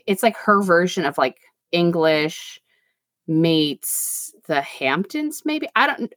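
A woman with a low voice talking through a book in a casual chat. She is chatty and fills her speech with "like." The sound is dry and close. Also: big pitch swings, slow pace, fairly bright tone, dry recording. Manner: chatty, summarizes plot points with frequent "like". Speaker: podcast co-host.

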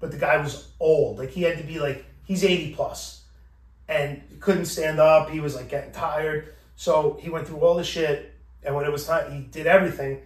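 A man's voice: on the high side, steady tone, normal speed. A man hosting a podcast, telling a story casually with lots of swearing and acting out both sides of the exchange. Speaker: podcast host. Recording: echoey room, distant from mic.

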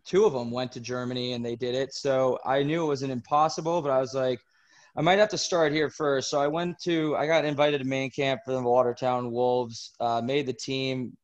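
A young man in his twenties, a former hockey player answering podcast questions in a relaxed, explaining way. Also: medium pitch, moderate pace, dull audio. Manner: relaxed, explanatory, run-on sentences. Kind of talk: casual interview answers.

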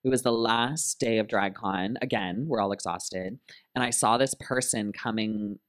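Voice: mid-range voice, normal speed. A drag queen co-hosting a live podcast, telling stories in a bubbly, giggly way. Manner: bubbly, giggly storyteller with animated voices.

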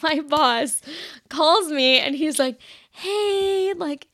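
A woman's voice: high voice, slow pace, fairly bright tone, no room sound, studio quality. A young woman hosting her own podcast, telling a story in a casual, confessional way, with constant "like" fillers and acted-out quotes of her past self, a little shaky. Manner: chatty, heavy "like" filler, acts out her own past lines. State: shaky, emotional. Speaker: podcast host.

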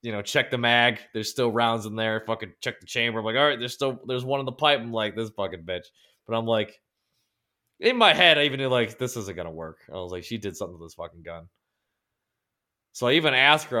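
A man's voice: medium pitch, sharp tone. A man co-hosting a podcast, telling a long story in a rambling, profanity-heavy way. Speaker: podcast co-host. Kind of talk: casual chat.

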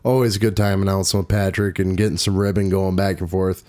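A man hosting a casual podcast about tractor pulling, chatty and rambling, quick to poke fun at himself. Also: deep voice, little pitch movement, darkish tone. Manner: chatty, rambling, self-deprecating. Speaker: podcast host and tractor pull announcer. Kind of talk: casual chat.

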